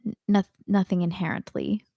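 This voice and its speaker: A woman singing teacher answering viewers' chat questions in a live online lesson, thoughtful and unhurried, with many ums and restarts. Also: medium pitch, flat delivery, dark tone, breathy edge, dry recording, studio quality.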